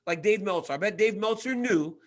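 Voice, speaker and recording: A man in his forties with a fairly high voice chats casually as co-host. He tells stories with gusto, doubles up his words and acts out what other people said. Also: a little fast. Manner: animated storyteller, acts out quotes, repeats words. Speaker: co-host, former fighter. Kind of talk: casual chat.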